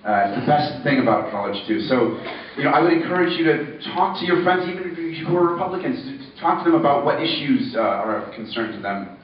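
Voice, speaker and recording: A man's voice: fairly high pitch, expressive, brisk, slight background noise. Thirties man, chatty and self-mocking with lots of restarts, miked from far off in a reverberant room. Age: 30s. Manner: rambling, self-deprecating, many fillers and restarts. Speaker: actor speaking at a campus election event. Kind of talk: casual anecdotal speech. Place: university ballroom. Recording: echoey ballroom from far off, dull.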